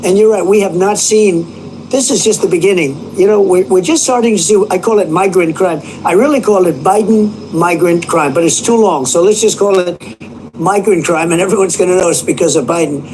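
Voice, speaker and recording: A man's voice: high-pitched, fairly quick, a little mellow, poor audio. Man, interview clip, rambling, repetitive, faint background noise. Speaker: politician in an interview. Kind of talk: interview answer.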